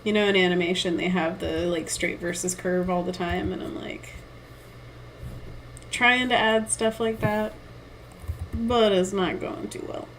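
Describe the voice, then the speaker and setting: A woman's voice: on the low side, fairly even intonation, unhurried, pauses often, slight background noise, poor audio. Giggly young woman chatting while she paints. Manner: giggly, self-deprecating, chatty, thinks aloud. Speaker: streamer and artist. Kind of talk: casual live-stream chat while painting.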